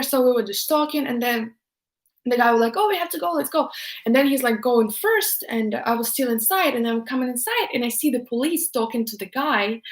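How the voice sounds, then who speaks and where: A young woman from Ukraine hosting a live stream, telling a story in casual chat with lots of fillers. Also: high-pitched. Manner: chatty storytelling, many fillers. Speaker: livestream host. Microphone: home livestream setup.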